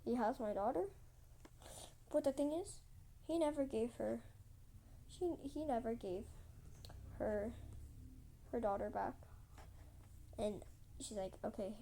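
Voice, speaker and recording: A woman's voice: a little high, takes it slowly, creaky, pauses often, warm tone, slight background noise. A woman telling a rambling story casually while drawing, repeating herself and acting out quotes with lots of "like". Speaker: channel host.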